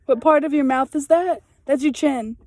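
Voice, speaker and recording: Giggly high-voiced young woman vlogger. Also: moderate pace, a little mellow, no echo, studio quality. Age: young adult. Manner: giggly, teasing. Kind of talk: casual chat.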